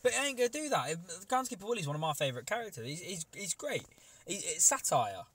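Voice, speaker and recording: A podcast co-host with a high, husky voice talks fast in a casual, opinionated discussion. He argues his points animatedly, repeating words and leaning on "like" again and again.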